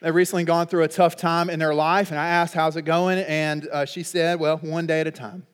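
Middle-aged man, high pitch, pastor preaching; chatty and humorous, with sudden emphatic outbursts. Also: little pitch movement, brisk, clean tone, long reverb tail. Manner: conversational, humorous, with sudden loud emphatic peaks. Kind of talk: sermon.

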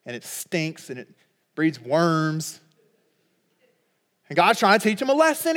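Middle-aged man, high pitch, pastor preaching; chatty and humorous, with sudden emphatic outbursts. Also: wildly swooping pitch, unhurried, long pauses, in a large hall. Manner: conversational, humorous, with sudden loud emphatic peaks. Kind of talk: sermon.

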